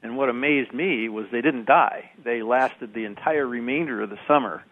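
A man's voice: medium pitch, normal speed. A man calling in to a radio show, curious and plain-spoken about his problem. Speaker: caller. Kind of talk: phone-in question. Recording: tinny phone line.

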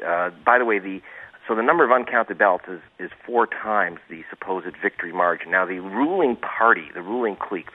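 A man, a reporter, speaking as a guest in a radio interview, sarcastic and digressive with many restarts. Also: deep voice. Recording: tinny phone line.

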